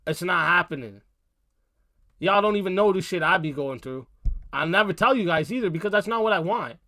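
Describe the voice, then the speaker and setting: A man's voice: high-pitched, sharp tone, dry recording, clean studio sound. A young man hosting a livestream, ranting bluntly at his chat with heated language and constant cursing. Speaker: livestream host. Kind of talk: profane livestream rant.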